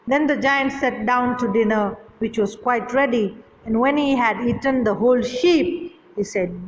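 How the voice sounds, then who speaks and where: A woman teacher with a fairly high voice reads a story line by line and paraphrases each part in simple words. The recording is dull and lo-fi, with long hall reverb and faint noise behind her. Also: measured pace. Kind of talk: reading a story and explaining it in a lesson. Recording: echoey hall, dull lo-fi sound.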